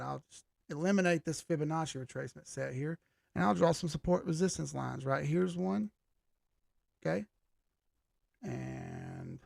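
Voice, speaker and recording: The host of a live chart analysis stream keeps things loose and jokey as he reads chat, his slightly high male voice strained and starting to crack. There's vocal fry and a darkish tone. The sound is studio quality, with no room sound.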